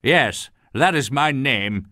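A man voicing a sad, resigned older knight in an audiobook, speaking slowly and mournfully. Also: mid-range voice, lively intonation, pushed and bright, no room sound, clean studio sound. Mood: sorrowful. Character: weary, downcast older male knight. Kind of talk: audiobook character voice.

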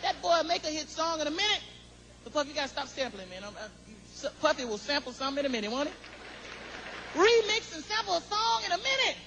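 A man doing stand-up comedy as host of a live show, riffing in a high, animated voice. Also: fast. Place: stage before a live audience. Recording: loud crowd and noise, live venue.

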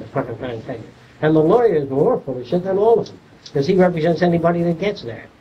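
A man's voice: fairly high pitch, a little hiss or hum. An older man giving an informal lecture, blunt and salty, acting out little dialogues as he tells stories. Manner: blunt, salty, animated storytelling. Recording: distant, muffled 1970s archive tape.

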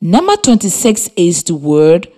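A woman with a Liberian English accent, teaching a scripted radio lesson for children and spelling words out slowly letter by letter. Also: lowish voice, very animated, mellow.

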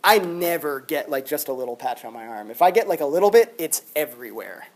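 A man's voice: a little high, brisk. A man lecturing a classroom in a casual, chatty way, full of "like" fillers. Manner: chatty, animated, lots of "like" fillers. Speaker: university philosophy lecturer.

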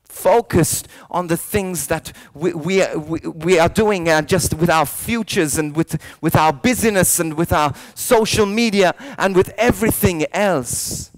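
A priest telling a story in a youth sermon, swinging from soft lines to loud ones and often restarting his words. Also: high voice, unhurried, few pauses. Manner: animated storyteller, jumping between hushed lines and loud shouted quotes; frequent restarts and repeated words.

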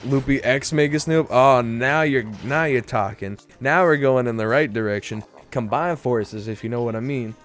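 A man's voice: medium pitch, normal speed, few pauses, faint music behind. Goofy rambling young streamer guy. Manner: goofy, rambling jokes with lots of fillers. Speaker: game streamer. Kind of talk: casual live-stream commentary.

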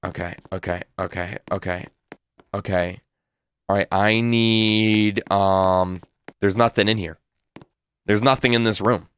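A man's voice: fairly low pitch, fairly even intonation, takes it slowly, pauses often, a bit bright, clear, resonant tone, dry recording. A man playing a horror game and commenting, muttering nervously and repeating himself. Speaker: gaming YouTuber. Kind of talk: let's play commentary.

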